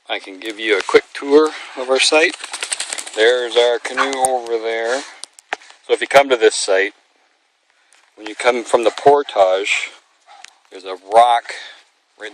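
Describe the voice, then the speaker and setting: A man's voice: lowish voice, normal speed, pauses often, a bit bright. Chatty man on an outdoor vlog. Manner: chatty, talks to his dog. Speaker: vlogger on a backcountry canoe trip. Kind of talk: casual outdoor vlog narration. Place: outdoors on a lakeside campsite and portage trail. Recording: noisy outdoor recording. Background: dog barking.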